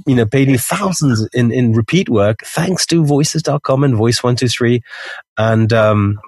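Man, international English accent, mid pitch, husky tone, dry sound, candid casual talk. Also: measured pace, a little mellow, no echo. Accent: international English, mixed. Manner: chatty, many restarts, candid. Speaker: voiceover artist guest.

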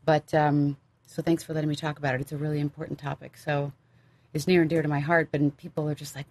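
A woman's voice: sits low, level tone, quick pace, darkish tone. A woman from Maryland, a voiceover coach, chatting casually and animatedly as a guest in a home recording booth. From Maryland, USA. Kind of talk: casual chat. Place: home recording booth with others and dogs present.

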